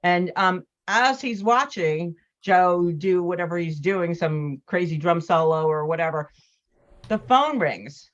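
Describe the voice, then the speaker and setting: A woman's voice: fairly low pitch, a little slow. A woman in casual chat, a chatty storyteller who acts out what others said. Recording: dull, muffled audio.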